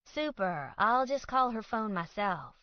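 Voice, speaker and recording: A woman's voice: medium pitch, sing-song, measured pace, no room sound, lo-fi sound. A woman narrator voicing a young woman who is polite but irritated and sarcastic. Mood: exasperated. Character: exasperated young woman in soaked dress.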